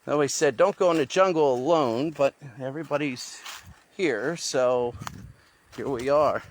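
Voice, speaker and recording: Guy talking to his phone on a jungle hike, rambling, mid pitch. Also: a little slow, slight background noise. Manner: rambling, thinking aloud. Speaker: vlogger. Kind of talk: talking to camera while hiking. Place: outdoors in the jungle. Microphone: handheld phone.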